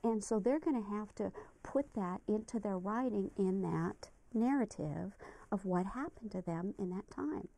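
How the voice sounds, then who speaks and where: A woman's voice: mid-range voice, lively intonation, unhurried, creaky, warm tone. A woman teacher speaking with enthusiasm in an interview.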